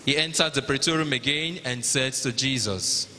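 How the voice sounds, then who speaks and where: A man with a Nigerian accent narrating the Passion at a liturgy, in a measured, even reading. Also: mid-range voice. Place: large cathedral. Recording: long cathedral reverb.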